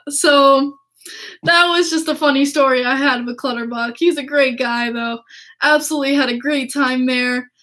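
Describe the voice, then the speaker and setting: An excitable woman hosts a casual podcast, with a notably high voice. She gushes as she tells her story, laughs often and swears freely. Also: a little slow. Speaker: podcast host.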